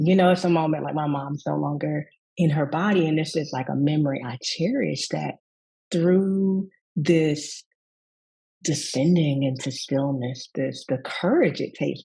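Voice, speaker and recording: Gravelly-voiced Southern woman telling stories. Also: sits low, low-quality recording. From Southern United States. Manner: warm, reflective storytelling with acted quotes. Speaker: rest coach and yoga teacher. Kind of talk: summit interview, storytelling.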